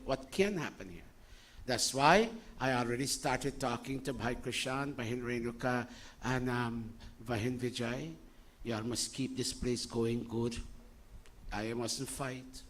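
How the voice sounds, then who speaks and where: Animated older man preaching. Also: medium pitch. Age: 60s. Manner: animated, scolding, jokey asides, rhetorical questions. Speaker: spiritual teacher. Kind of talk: informal sermon to a congregation.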